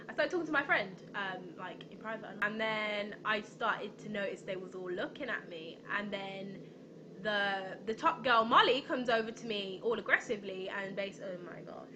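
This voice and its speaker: A woman's voice: mid-range voice, noisy background. A young woman rambling through a storytime vlog, with lots of ums and restarts. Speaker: vlogger.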